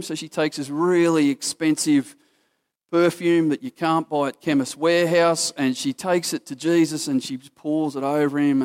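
Casual Australian preacher telling a story. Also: male voice, on the high side, fairly even intonation, moderate pace, a little mellow, clean tone. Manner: casual storytelling, acts out quoted voices. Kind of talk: sermon.

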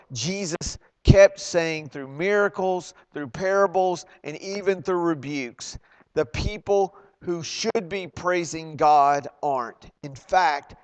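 A man preaching a sermon, animated and questioning his listeners. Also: on the high side, clear, resonant tone. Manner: animated, acts out quoted voices, loud emphatic bursts; asks the congregation questions.

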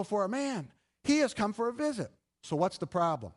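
A middle-aged male pastor giving an animated, conversational sermon full of rhetorical questions. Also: high voice, normal speed.

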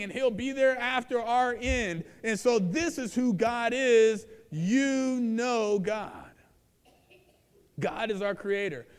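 A man preaches a sermon in a big hall whose long reverb trails after his words. His voice sits fairly high and sounds smooth and resonant. He swings from loud, emphatic proclamation down to low, quiet confession.

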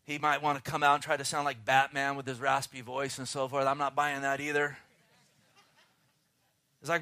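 A man preaching a fervent sermon outdoors, slowing down to read scripture and swinging between loud and hushed. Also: medium pitch, fairly even intonation, no room sound. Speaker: pastor.

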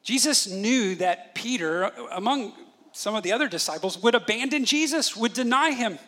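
Bright-voiced, animated male pastor preaching. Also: extremely high pitch, moderate pace. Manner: animated storytelling, acts out voices of his children. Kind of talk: sermon.

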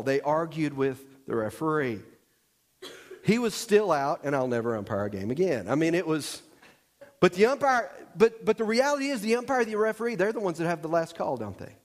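High-voiced pastor preaching in a big hall. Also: male voice. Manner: animated storytelling with acted-out shouts. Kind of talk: sermon. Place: church sanctuary. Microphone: wearing a microphone pack. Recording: long reverb of a large hall.

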